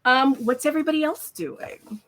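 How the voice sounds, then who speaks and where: A woman's voice: sits high, moderate pace, slight background noise. Woman narrating a tabletop game. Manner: lively storytelling with many fillers. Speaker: game master.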